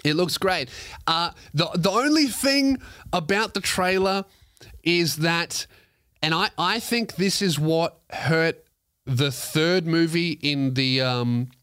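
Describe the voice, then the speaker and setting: Speaking slowly, this solo podcast host has a fairly high, slightly bright, smooth voice with no room sound at all. He's a young man chatting informally into a close microphone, wandering off on tangents and cursing often.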